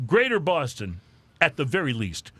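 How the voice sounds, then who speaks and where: A man reads the drinking news on a podcast with a dry, joking delivery. His pitch sits a little high and swings widely, so the stories come out lively and animated. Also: moderate pace, slightly rough, no echo. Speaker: podcast host.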